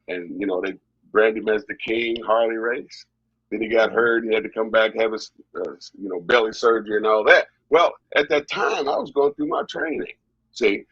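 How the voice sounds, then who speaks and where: A middle-aged man, a wrestling guest, telling long animated stories in an interview and often repeating himself. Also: mid-range voice, husky, dry recording, highs cut off. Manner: animated, repetitive storyteller. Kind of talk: storytelling interview.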